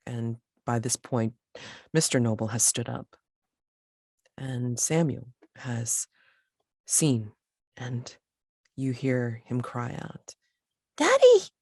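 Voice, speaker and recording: A game master describes the scene slowly and deliberately for the players. The voice is gravelly and the recording is dry and close. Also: mid-range voice, level tone, darkish tone, no echo. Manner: slow descriptive narration. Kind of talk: narrating a tabletop game.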